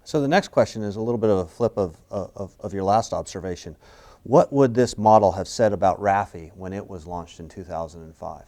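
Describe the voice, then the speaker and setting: A man's voice: sits low, fairly quick, mellow. A man moderating a webinar question-and-answer section, reading out audience questions with frequent hesitant fillers.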